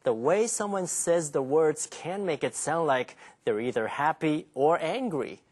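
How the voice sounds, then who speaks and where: A man's voice: a little high, lively intonation, unhurried, a little mellow, breathy edge. A man playing a curious learner who asks questions in a scripted English lesson dialogue.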